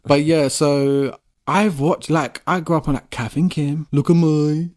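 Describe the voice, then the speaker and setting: A man's voice: on the high side, a little slow, darkish tone. Profane, rambling male podcast co-host. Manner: rambling, profane, laid-back banter. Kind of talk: casual chat.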